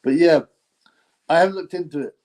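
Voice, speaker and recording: A man's voice: a little high, a little fast, darkish tone, rough recording. A man hosting a casual boxing live stream, reading viewer comments and rambling through crude banter with fillers and chuckles. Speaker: boxing podcast host reading chat.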